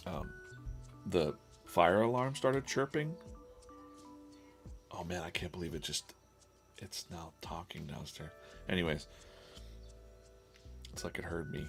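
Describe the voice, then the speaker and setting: A man's voice: low voice, gravelly. A man streaming live while drawing comics, chatting casually and rambling, with lots of laughs and silly quoted voices.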